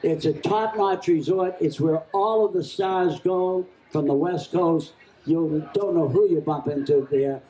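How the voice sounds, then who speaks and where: A man calling a live charity auction, joking with the room and rattling off bids in a rapid chant. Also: on the high side, warm tone. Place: event hall at a charity gala. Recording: echoey hall with crowd. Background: crowd laughing and chatting.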